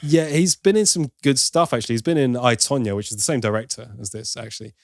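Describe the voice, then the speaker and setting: A man's voice: mid-range voice, fast talker, no room sound. Wry man reviewing films, dry sound. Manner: opinionated, wry, talks through asides. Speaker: film review podcast host. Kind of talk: casual film review chat.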